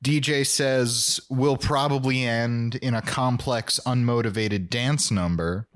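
A man co-hosting a podcast, recapping a TV episode in casual chat and cracking dry, quick jokes. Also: medium pitch. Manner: dry, joking, riffs with quick asides. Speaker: podcast co-host.

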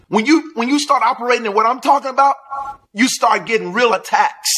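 A man's voice: very high-pitched, a little fast, fairly bright tone, slight background noise. A preacher ranting angrily at his viewers in a combative, commanding way. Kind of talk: angry live-stream rant.

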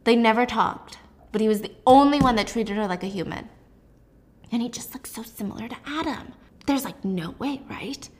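A young woman with a somewhat high voice chats through a book recap. She talks in a gossipy, animated way and fills her speech with "like" and "okay?". Her delivery is loose and conversational. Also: normal speed. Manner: gossipy, animated, filler-heavy with frequent "like". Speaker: host recapping a novel. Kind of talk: casual chatty book recap.

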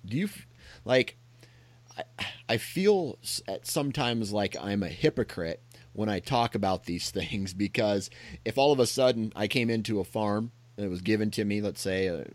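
A man hosting a casual talk, reflective and halting, often restarting his sentences. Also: lowish voice, expressive, no echo. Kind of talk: casual conversation.

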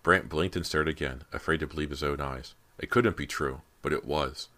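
A man's voice: very deep voice, fairly even intonation, moderate pace, pushed and bright. A man narrating a horror audiobook with dramatic storytelling.

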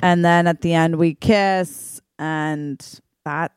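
A woman's voice: low voice, fairly even intonation, slow pace, slight background noise. A woman co-hosting a comedy podcast, telling an improvised comic story in a playful way. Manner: playful, reacts with groans and gasps. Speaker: podcast co-host.

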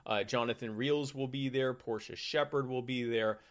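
A man's voice: medium pitch, steady tone, moderate pace. A man co-hosting a podcast, wrapping up the show in a jokey, rambling way. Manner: jokey, rambling, auctioneer patter. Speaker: podcast co-host. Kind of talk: casual show outro chat.

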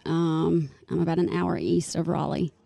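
Gravelly Southern woman from North Carolina. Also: low voice, fairly even intonation, moderate pace, mellow, no echo. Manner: laid-back, drawling, uses y'all and ain't. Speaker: podcast guest. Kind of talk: casual chat. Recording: remote call audio.

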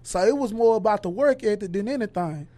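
A man's voice: high-pitched, fast talker. A man, a podcast guest, speaking casually and animatedly as he tells stories and acts out what other people said. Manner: animated storyteller who acts out others' lines. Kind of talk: casual conversation, storytelling.

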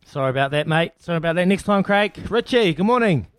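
A New Zealand man hosting a casual breakfast radio quiz in a slightly high voice. He banters with callers in matey slang and counts down the seconds for each answer. The sound is dry and close, with faint music underneath. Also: animated, fast, clean tone, no room sound.

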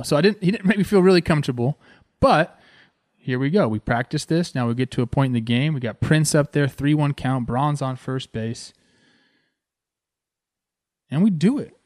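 Excited man from Southern California. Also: mid-range voice, a little fast, no echo, clean studio sound. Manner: excited and animated, says "man" a lot. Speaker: former pro baseball player hosting a video series. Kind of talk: casual storytelling over game footage.

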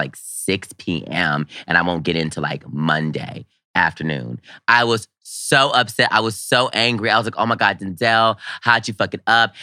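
A man co-hosting a podcast, telling a story in a dramatic, animated way and calling his co-host "girl.". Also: low voice, no echo, clean studio sound. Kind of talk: casual chat.

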